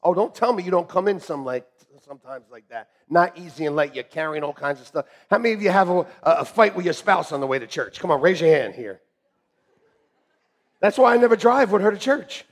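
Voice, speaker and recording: Lively husky-voiced man preaching. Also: high-pitched, a little fast. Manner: animated, laughing, jokey preaching. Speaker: pastor. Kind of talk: sermon.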